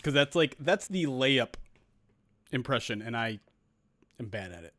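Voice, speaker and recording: A man's voice: medium pitch, expressive, fairly bright tone. A man streaming a football video game simulation, chatting casually with viewers, laughing at himself and calling the plays. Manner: chatty, self-mocking, quick to laugh. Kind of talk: casual live-stream chat and play-by-play.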